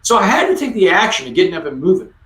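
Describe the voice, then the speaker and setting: A man's voice: high voice, wildly swooping pitch, rapid-fire, a bit bright, echoey room. Man in his forties, emphatic storyteller, video-call audio from a distance. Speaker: guest speaker. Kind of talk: conversational storytelling.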